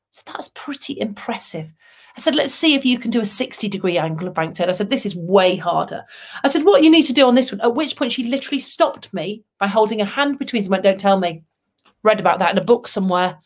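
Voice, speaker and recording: A middle-aged woman, giving a motivational talk as a humorous storyteller with dry asides. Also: mid-range voice. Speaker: motivational speaker.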